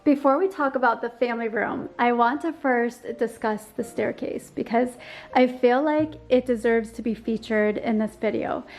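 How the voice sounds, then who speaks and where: Woman, home tour vlogger, slightly high voice, gushing, a bit hoarse, soft music underneath. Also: normal speed. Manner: gushing, enthusiastic, frequent ums and likes. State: slightly losing her voice. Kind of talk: casual home tour narration.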